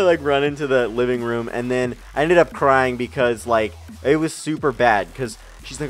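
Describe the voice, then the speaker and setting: A man's voice: mid-range voice, fairly even intonation, fast talker, few pauses. Rambling young man telling stories. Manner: rambling, with swearing and frequent fillers. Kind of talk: casual storytelling over gameplay.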